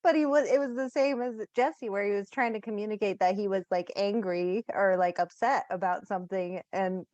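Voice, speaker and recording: Woman, mid pitch, podcast co-host, laughs often, dry sound. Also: normal speed, few pauses, darkish tone, no room sound, highs cut off. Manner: laughs often while telling stories. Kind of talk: casual chat.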